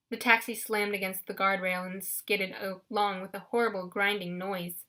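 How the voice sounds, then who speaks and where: A woman narrating an audiobook in a lively first-person storytelling manner. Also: medium pitch, normal speed.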